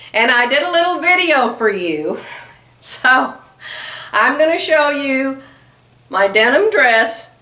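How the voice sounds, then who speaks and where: A middle-aged woman with a high, bright voice, telling a sewing story to her viewers in a chatty, animated way and laughing often. Her pitch swings all over as she talks. The sound carries the echo of a room at home. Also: far from the mic. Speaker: sewing vlogger. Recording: echoey room.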